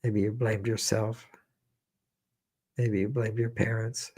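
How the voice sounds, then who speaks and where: A man leading a guided meditation, speaking slowly and repetitively as he coaxes listeners through feelings and shares his own memories. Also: fairly low pitch, little pitch movement, husky. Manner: slow, repetitive, gently coaxing with personal memories. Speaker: meditation teacher.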